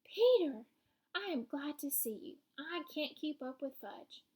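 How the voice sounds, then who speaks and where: A woman's voice: high-pitched, a little slow. A woman voicing a fretful mother of two boys in a children's storybook reading, anxious and coaxing.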